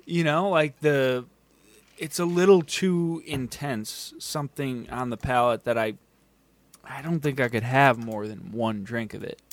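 A man's voice: medium pitch, measured pace, dry recording. Joking, word-searching man on tasting show. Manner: joking, searching for words, hesitant. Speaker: whiskey tasting co-host. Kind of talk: casual tasting chat.

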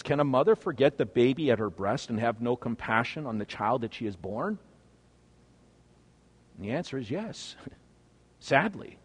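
A man preaching a sermon as pastor, swinging between loud, emphatic phrases and hushed, low ones. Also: husky. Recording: long reverb of a large hall.

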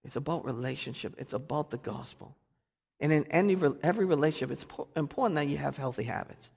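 A man's voice: on the high side, fast talker, vocal fry, husky. Fervent preaching man in a reverberant church. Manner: swings from hushed to loud and fervent. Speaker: pastor. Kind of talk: sermon. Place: church sanctuary. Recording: long reverb of a church hall.

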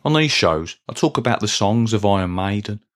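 Deadpan middle-aged man. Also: on the low side, fairly quick, over music. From Birmingham, England. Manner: earnest, deadpan, plodding. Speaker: podcast host. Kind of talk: scripted comic monologue.

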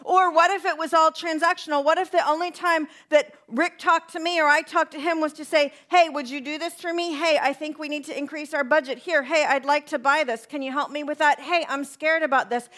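A woman with a high voice preaching in a relaxed, conversational way. She acts out the prayers she quotes and often drops to soft, hushed lines. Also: brisk, few pauses. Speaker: pastor. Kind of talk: sermon.

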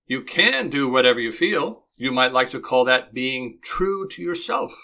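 Bright-voiced male relationship coach. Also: mid-range voice, a little slow, vocal fry. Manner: calm, instructive, acts out spouse lines. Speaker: relationship coach and podcast host. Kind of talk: scripted podcast advice monologue.

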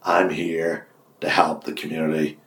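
An older Irish man, a radio host, telling long anecdotes in an interview and acting out the dialogue with lively swings in his voice. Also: measured pace. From Ireland. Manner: lively storyteller, acts out quoted dialogue with big pitch jumps. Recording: roomy echo.

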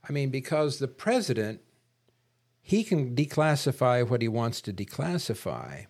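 A man talking casually about politics on a podcast, measured and wordy, and he often clears his throat. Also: medium pitch, big pitch swings, a little mellow. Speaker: podcast co-host.

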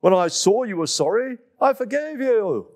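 A man's voice: high voice, animated, moderate pace, darkish tone, pitched above the performer's own voice. A man voicing a kindly, grand old male elephant with a hearty, old-fashioned way of talking. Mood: warm, hearty. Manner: hearty, old-fashioned, ends remarks with "what?".

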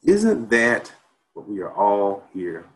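A man's voice: on the low side, wildly swooping pitch, slow, low-quality recording. Man reciting a rhetorical spoken-word piece. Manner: rhetorical, rising on questions and dropping to near silence. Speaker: conference presenter.

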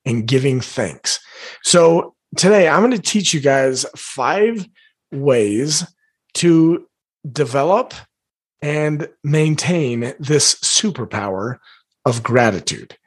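Man, 40s, life coach, somewhat high and husky, earnest motivational teaching delivery. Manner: earnest and emphatic, repeats key phrases. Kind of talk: motivational teaching talk to viewers.

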